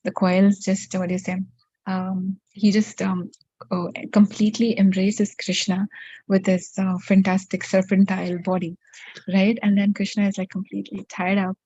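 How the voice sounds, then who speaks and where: A woman telling a devotional story in a conversational way, often pausing and searching for words with many fillers. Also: mid-range voice, flat delivery, warm tone, husky, dry recording, lo-fi sound.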